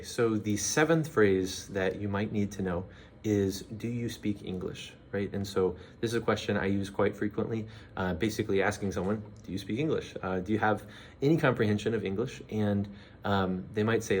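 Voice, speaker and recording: Male teacher, low voice, relaxed and patient, slow repeats, faint room ambience behind. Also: a little hiss or hum. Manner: relaxed, repeats phrases slowly with fillers. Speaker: language teacher. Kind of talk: casual language lesson.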